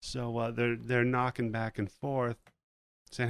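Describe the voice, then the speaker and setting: A man's voice: medium pitch, unhurried, clear, resonant tone, no echo. A young man, a podcast host, casually recapping a film plot and acting out the characters' lines. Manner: animated retelling with quoted voices. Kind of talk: casual movie recap chat.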